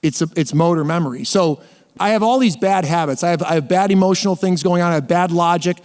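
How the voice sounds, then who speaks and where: Male guest with a slightly high voice, sharing his faith story in a loose, rambling way, with quick bursts and frequent restarts. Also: darkish tone. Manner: often speeds up in bursts. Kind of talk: casual faith testimony.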